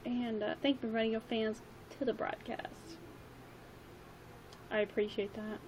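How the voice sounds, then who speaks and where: Young woman, livestream chat, rambling, filler words, slightly hoarse, faint background hiss. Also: on the high side, level tone, normal speed, darkish tone, poor audio. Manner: rambling, chatty, lots of ums and likes. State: slightly losing her voice.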